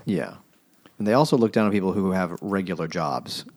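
A man's voice: deep voice, expressive, a little fast, darkish tone. Wisecracking man in casual chat. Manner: wisecracking, throws in absurd jokes and laughs.

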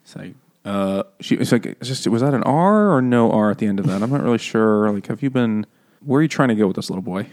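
Speaking quickly in a fairly low register, this podcast co-host is sharing a beer with his book club while recounting a story's plot. His telling is animated, full of profanity and jokes.

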